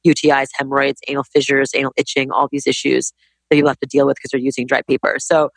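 A woman in her forties, a business-owner guest in a casual interview, talking in an emphatic, animated, rapid way. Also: rumbling low, vocal fry, no room sound. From Canada. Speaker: guest entrepreneur.

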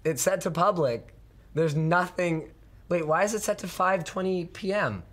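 Hoarse, sick man ranting on a podcast. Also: high voice, moderate pace, a bit bright. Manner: exasperated, ranting. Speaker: show host. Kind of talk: casual podcast chat.

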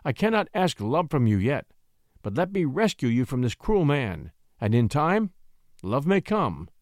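A man's voice: mid-range voice, big pitch swings, measured pace, a little mellow, no echo. Brief: male reader voicing an earnest young shepherd-poet, heartfelt, dry close recording.

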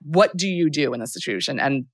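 Casual podcast host, young woman, low and dry, rambles through a film recap with lots of fillers. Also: animated, brisk, no echo.

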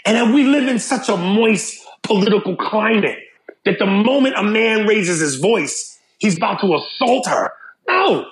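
A man chatting casually on a podcast, talking in an animated way and acting out lines in other voices. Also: normal speed, a little hiss or hum. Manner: animated, jumps between deep and high put-on quotes. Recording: roomy echo.

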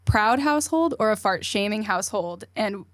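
A woman's voice: medium pitch, lively intonation, normal speed, no echo, studio quality. A woman on a podcast asking curious questions in casual chat. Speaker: podcast guest.

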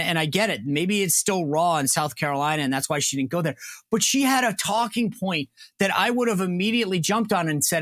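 A man with a high voice hosts a political talk podcast, talking in an animated way and slipping into indignant quoted lines. The sound is dry and close. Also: fairly quick, no echo. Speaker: podcast host. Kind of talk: political talk show discussion.

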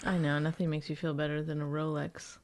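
A woman's voice: low-pitched, level tone, fairly quick, a little mellow, no echo. A woman, a stand-up comedian, trading casual banter with dry, sarcastic teasing.

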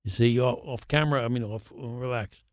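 An older actor telling animated show-business stories as a podcast guest, acting out the voices of others. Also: male voice, medium pitch, a little fast, no echo, studio quality. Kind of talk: anecdotal storytelling.

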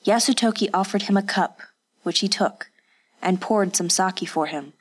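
A woman reading an audiobook in steady, scripted narration. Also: medium pitch, moderate pace.

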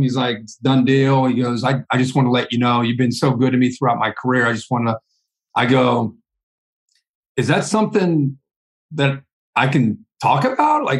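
Middle-aged man, podcast guest, conversational storytelling, restarts his sentences, medium pitch. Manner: conversational, repeats words when starting sentences. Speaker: guest, college football analyst.

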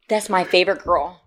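A woman co-hosting a casual podcast chat, telling stories in an animated, profane way. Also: fairly low pitch. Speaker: podcast co-host.

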